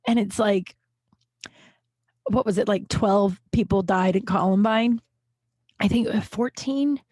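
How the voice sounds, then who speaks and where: A woman in her late thirties from Colorado hosting a podcast, talking in a halting, tearful, emotional monologue full of restarts and swearing. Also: medium pitch, darkish tone, dry recording. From Colorado, USA. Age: late 30s. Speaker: podcast host.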